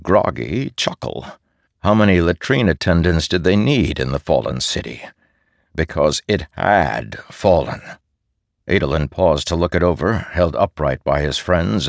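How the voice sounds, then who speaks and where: A man giving measured, steady scripted narration as an audiobook narrator. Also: low-pitched, no echo. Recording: dry close studio sound.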